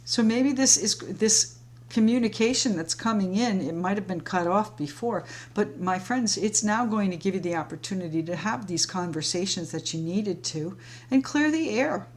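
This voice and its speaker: A woman does a tarot reading at home with sage burning nearby, speaking in a flowing, reassuring way directly to her viewers as if they were friends. Her medium-pitched voice is animated and moves at a normal speed.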